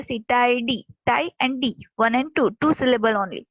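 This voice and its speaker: A woman's voice: high-pitched, moderate pace, dry recording. A woman teacher explains a grammar lesson step by step, spelling words out letter by letter. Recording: dull lo-fi dry recording.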